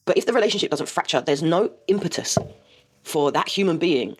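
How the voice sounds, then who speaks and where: A woman in her forties talks straight to the camera in a casual vlog. She rattles through her story at a quick clip. She is blunt and swears freely. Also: fairly low pitch, expressive, slightly rough. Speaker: vlogger host.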